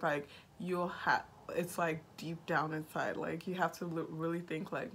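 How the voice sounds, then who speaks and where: A woman in her twenties from Nigeria, talking casually in a get-to-know-me vlog with a slow, monotone, dry sarcastic delivery. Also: low voice, slight background noise. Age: 20s. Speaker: vlogger.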